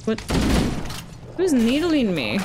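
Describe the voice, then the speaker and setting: A woman with a fairly high voice and huge pitch swings speaks slowly while streaming a video game, on a very noisy recording with loud gunfire behind her. She chats away as live gameplay commentary, talking back at characters with sudden exclamations.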